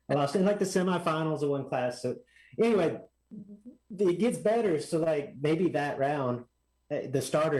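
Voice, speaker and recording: A man telling a story as a podcast guest, animated and acting out other people's lines in a raised voice. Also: on the high side, poor audio. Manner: animated, acts out quotes in raised voice. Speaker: guest drag racer. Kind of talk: casual storytelling.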